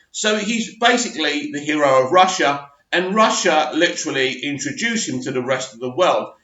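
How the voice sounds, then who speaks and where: A man's voice: on the high side, a bit bright. A man gives a casual, rambling film review full of ums and self-corrections. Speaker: movie reviewer. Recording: echoey room, dull lo-fi sound.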